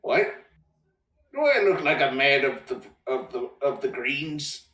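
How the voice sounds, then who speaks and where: Slow-talking man playing a pirate. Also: medium pitch, expressive, sharp tone, echoey room, distant mic, low-quality recording. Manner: slow, stumbling, in-character drawl. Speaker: player. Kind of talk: playing a character in a tabletop game.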